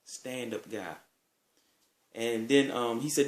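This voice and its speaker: A man's voice: mid-range voice, a little slow. Laid-back man telling stories, echoey room. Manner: laid-back, profane, rambling. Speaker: vlogger. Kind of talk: casual storytelling.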